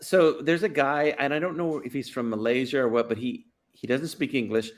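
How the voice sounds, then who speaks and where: A man chatting with a friend in an animated, jokey way, often breaking into silly voices. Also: medium pitch, moderate pace. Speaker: co-host friend. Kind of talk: casual chat.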